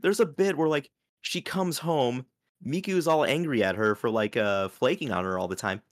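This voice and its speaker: A man's voice: mid-range voice, normal speed, no room sound, studio quality. Rambling man hosting a podcast. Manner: rambling, filler-heavy, laughs often. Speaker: podcast host. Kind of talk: casual anime review chat.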